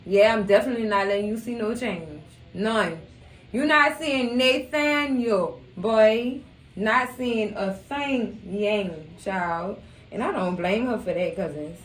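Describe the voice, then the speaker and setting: A woman's voice: medium pitch, animated, takes it slowly, recorded from a distance. A young woman, chatting casually about a show, acting out quotes and laughing often. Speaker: recap channel host. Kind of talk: casual TV recap chat. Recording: echoey room.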